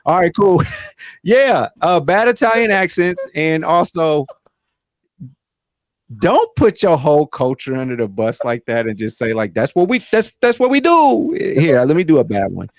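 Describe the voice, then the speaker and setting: Animated rambling podcast man. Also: a little high, a little slow, dry recording, clean studio sound. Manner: rambling, animated, many restarts. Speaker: podcast co-host. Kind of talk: casual chat.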